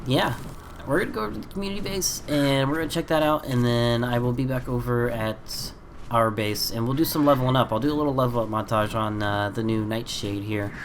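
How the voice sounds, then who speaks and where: A man's voice: medium pitch, a bit bright, slight background noise. A man with a congested, stuffy voice from a cold, hosting a casual gameplay video and rambling with frequent ums and uhs. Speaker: gaming channel host.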